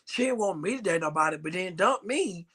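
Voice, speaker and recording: A man's voice: high voice, a little fast, husky. A man co-hosting a podcast, chatting casually and telling stories with lots of swearing and slang. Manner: animated storytelling, swearing, slang-heavy. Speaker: podcast co-host. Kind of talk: casual chat.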